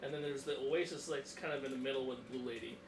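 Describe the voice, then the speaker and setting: A man's voice: mid-range voice, fast, echoey room, far from the mic, a little hiss or hum. A man playing a tabletop game, chatting casually and joking with the group. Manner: jokey and laughing. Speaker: player.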